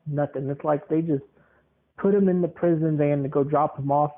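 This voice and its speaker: A man's voice: a little high, steady tone, normal speed. A man in his twenties hosting a podcast, telling stories in a rambling, chuckling way. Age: 20s. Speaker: podcast host. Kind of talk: casual rambling monologue. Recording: tinny phone-like lo-fi sound.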